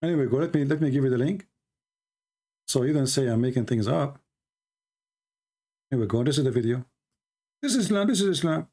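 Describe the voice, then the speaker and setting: A man's voice: medium pitch, steady tone, fairly quick, long pauses, mellow. A man from the Middle East whose first language is Arabic, giving mocking, sarcastic commentary over a video he is playing. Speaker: religious commentator.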